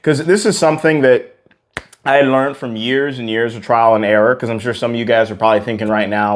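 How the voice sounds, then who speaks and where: A young man coaches singers through a warm-up in an earnest, encouraging way. He repeats key words for emphasis. A piano sits in the background. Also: on the low side, fairly even intonation, a little fast. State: out of breath after exercises. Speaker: vocal coach. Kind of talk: singing lesson with demonstrations.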